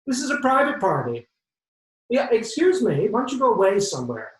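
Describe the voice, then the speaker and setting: A pompous, predatory older man in a suit , put on by a male performer, sneering down at the listener. His voice is pushed high and loud. The sound rings in an echoey room. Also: huge pitch swings, fairly quick. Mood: indignant. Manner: haughty and sneering.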